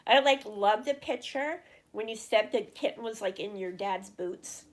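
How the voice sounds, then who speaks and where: A middle-aged woman with a mid-range, unhurried voice hosts a relaxed livestream, fielding questions from viewers. Her talk wanders, full of fillers and false starts, and she shares her feelings freely.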